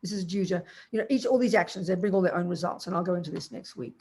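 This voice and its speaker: A woman's voice: lowish voice, quick pace, darkish tone, slightly rough. An older Australian woman, a Buddhist nun, teaching a class in a blunt, colloquial, teasing way, calling listeners darling.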